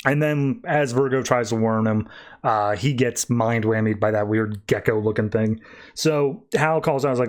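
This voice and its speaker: A man's voice: mid-range voice, moderate pace. A man hosting a podcast, recapping a comic book issue in a loose, chatty way with plenty of fillers. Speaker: podcast host.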